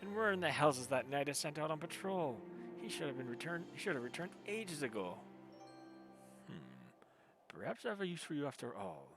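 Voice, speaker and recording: A man's voice: on the high side, sing-song, a little fast, music in the background, voice pushed up. A man voicing a proud, haughty male knight commander in a put-on French accent, speaking formally and stiffly. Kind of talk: reading game dialogue in voices.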